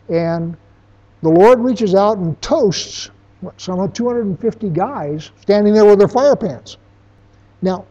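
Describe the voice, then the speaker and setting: A man's voice: high voice, mellow, slightly rough. A man teaching a Bible lesson, who reads verses aloud and then explains them in casual everyday words. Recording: dull lo-fi recording.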